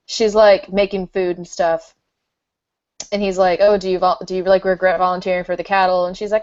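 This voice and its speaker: A woman's voice: mid-range voice, level tone, a little fast, a little mellow, smooth, no echo. A young woman co-hosting a book club chat who laughs often and swears freely while reading passages aloud. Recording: dull lo-fi webcam audio.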